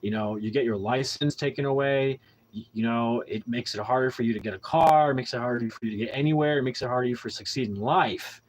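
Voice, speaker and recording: A man's voice: mid-range voice, quick pace, rough recording. Young male podcast host, unscripted monologue, blunt and profane, rambling with frequent restarts. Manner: candid storytelling with heavy profanity. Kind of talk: casual monologue.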